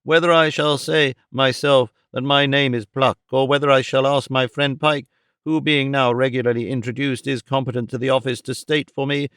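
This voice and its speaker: A man voicing a pompous, flattering gentleman visitor who talks in grand, theatrical, overly formal phrases. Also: medium pitch, moderate pace, smooth, no echo, studio quality, lightly acted. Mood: unctuous.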